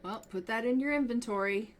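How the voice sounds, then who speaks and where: A female gaming channel host talks fairly quickly in a slightly high voice, with a little background noise. In this casual let's-play, she chats over her gameplay and voices her characters' reactions.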